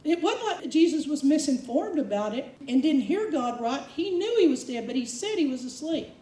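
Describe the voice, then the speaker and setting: A woman's voice: high voice, very animated, moderate pace, warm tone, slight background noise. A woman preacher delivering a sermon in a conversational, emphatic way, sometimes acting out quotes. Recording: roomy echo, distant mic.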